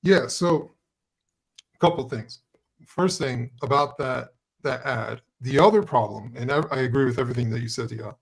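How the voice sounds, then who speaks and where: A man speaking as a guest on a live panel discussion, animated and sarcastic, mimicking others' voices. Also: mid-range voice, moderate pace, gravelly.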